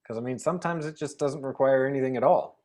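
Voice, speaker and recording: A man chats as a guest over a video call in a mid-pitched, everyday voice. He tells animated stories, acting out little bits of dialogue. He laughs easily as he goes. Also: fast talker. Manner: chatty, animated, laughs often, acts out dialogue. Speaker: guest facilitator. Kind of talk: casual storytelling interview.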